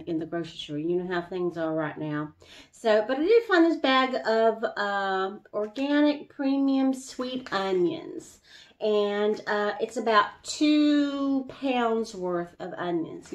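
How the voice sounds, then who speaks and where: A woman talks through a recipe in her home kitchen in a chatty, easygoing way. Her voice sits a little high, and she laughs often and stretches some words out. The room gives it a noticeable echo. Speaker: home brewing vlogger. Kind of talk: casual kitchen how-to chat.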